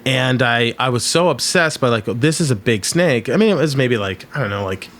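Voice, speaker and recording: A man's voice: mid-range voice, brisk. A man hosting a podcast, telling stories animatedly and acting out quotes in a casual way. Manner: animated storyteller, acts out quotes loudly. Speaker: podcast host. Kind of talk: casual conversation.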